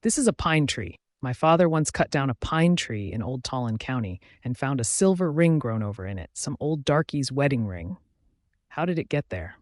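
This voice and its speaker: A man's voice: mid-range voice, big pitch swings, moderate pace, no echo, studio quality, natural voice. A man voicing a wry, superstitious ship's mate in an audiobook, musing in chatty asides.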